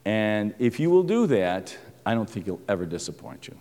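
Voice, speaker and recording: A man delivers a sermon-style testimony with a lively, swooping voice. He tells the story with little chuckles and acts out the voices in it. The sound carries a long reverb, as in a big hall. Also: fairly low pitch, moderate pace, hardly any pauses. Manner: animated storytelling with chuckles and quoted dialogue. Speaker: speaker giving a testimony talk.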